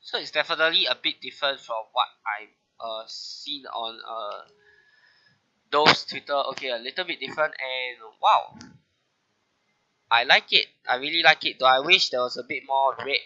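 A man's voice: mid-range voice, moderate pace, bright, forceful tone, lo-fi sound. A man hosting a casual gaming video, sick with a bad flu, his voice nasal, talking through update notes with frequent "uh" fillers. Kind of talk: casual game update commentary.

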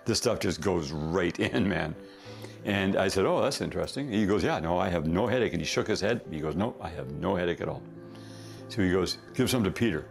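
A man's voice: deep voice, moderate pace, vocal fry, soft background music. A man, a company founder, telling a rambling story in a casual interview, correcting himself often and laughing.

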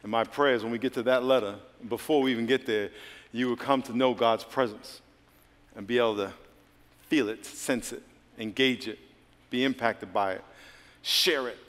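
Animated preacher in a big echoing hall. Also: male voice, medium pitch, normal speed, long pauses. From United States. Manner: animated preaching, swinging from loud to hushed prayer. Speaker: pastor. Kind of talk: sermon. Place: large church hall. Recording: long hall reverb.

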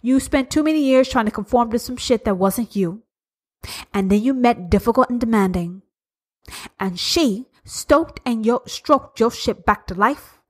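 A woman's voice: on the high side, lively intonation, measured pace. A woman hosting a podcast, talking straight to her listeners in a blunt, profane monologue that leans on repetition. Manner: profane, emphatic and repetitive, addressing listeners directly. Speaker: podcast host.

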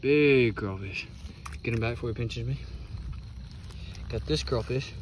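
A man's voice: medium pitch, a little slow, noisy background. A man, out of breath, chatting casually to viewers while vlogging outdoors by a creek. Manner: chatty, talks to viewers while riding and hiking.

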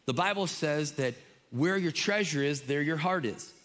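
A man preaching a sermon as a pastor, telling stories with lively quoted voices. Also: on the high side, moderate pace. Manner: animated storytelling, acting out quoted voices. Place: church auditorium. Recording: reverberant church hall.

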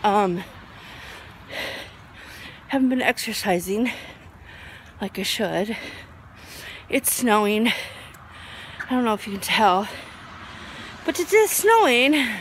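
A woman's voice: medium pitch, lively intonation, takes it slowly, pauses often, a little hiss or hum. A woman in her forties chatting casually to camera as a vlogger, rambling with lots of ums. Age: 40s.

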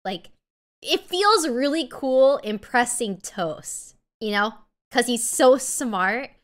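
Teary, high-voiced young woman streamer. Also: lively intonation, slow. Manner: effusive, gushing, rambling with fillers. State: teary and emotional. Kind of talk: casual livestream chat.

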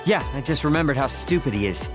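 A man's voice: mid-range voice, lively intonation, quick pace, natural voice. A man voicing a brash, sarcastic young man in a video game, blunt and mocking. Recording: game audio with music behind.

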